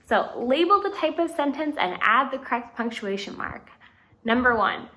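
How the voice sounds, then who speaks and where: A woman teaching a recorded grammar lesson, explaining patiently and reading example sentences out slowly. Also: fairly high pitch, expressive, pushed and bright, rough recording. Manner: clear, patient explaining with slow read-out examples.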